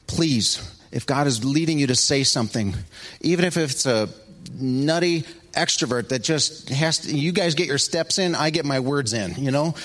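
A middle-aged man preaching a sermon, telling a story with big swings between loud excitement and hushed asides. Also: mid-range voice. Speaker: pastor.

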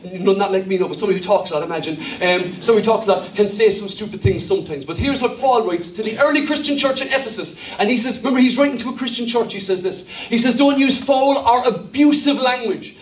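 High-voiced Irish pastor preaching with humor. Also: male voice, quick pace, few pauses. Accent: Irish, Cork. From Ireland. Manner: humorous, self-deprecating, storytelling. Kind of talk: sermon. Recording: echoey church hall from a distance.

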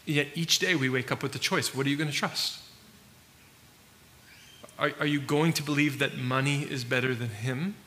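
A man's voice: mid-range voice, normal speed, pauses often, sharp tone, big-room sound. A man preaching a sermon as pastor, talking casually with fillers and restarts.

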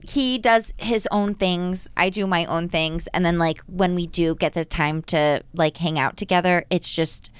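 A woman's voice: on the low side, fairly even intonation, measured pace, few pauses, clear, resonant tone, no room sound. A young woman, a guest comedian on a podcast, chatting in a laid-back way with dry jokes. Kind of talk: casual comedy podcast chat.

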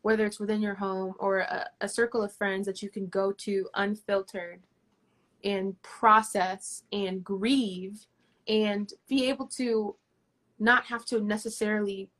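A woman's voice: mid-range voice, little pitch movement, unhurried, fairly bright tone. A woman answering as a guest in a livestream interview, earnest and encouraging, with restarts.

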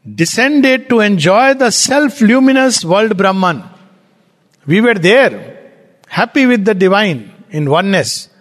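A man with an Indian English accent giving a spiritual lecture, animated and explanatory, posing rhetorical questions. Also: high-pitched, slow pace. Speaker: spiritual teacher. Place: lecture hall at a centre. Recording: long hall reverb.

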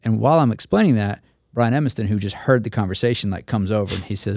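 A man with a low, gravelly, mellow voice tells stories in a casual roundtable chat. He acts out the people he quotes as he goes, and his voice sounds close and dry. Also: quick pace, dry recording. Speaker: instructor pilot.

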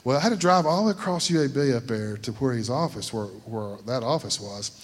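A middle-aged man of medium pitch speaks briskly and with animation as a lay speaker at a church service. He shares his sermon testimony as folksy tales, frequently asking his audience "you know what I'm talking about", in a hall full of reverb.

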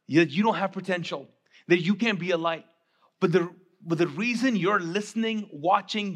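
High-voiced man preaching a lively sermon. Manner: animated, conversational preaching with acted-out asides. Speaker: pastor. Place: church sanctuary.

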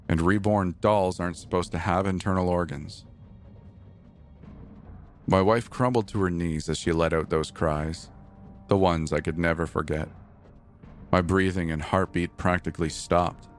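A man narrating a first-person horror story in a slow, grave, measured way. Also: low-pitched. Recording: narration over faint background music.

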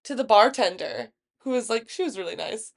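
A woman's voice: on the high side, a little fast, creaky. A young woman co-hosting a podcast, telling a story in casual chat and acting out what everyone said, with plenty of swearing. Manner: animated storyteller, swearing, acts out quotes. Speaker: podcast co-host.

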